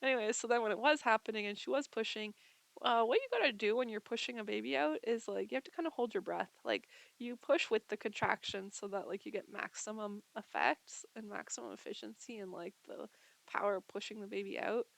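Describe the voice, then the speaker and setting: A woman's voice: mid-range voice, brisk, creaky, fairly bright tone, no room sound. A woman telling a story casually at home, chatty and full of filler words, her lungs tired from being sick. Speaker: vlogger.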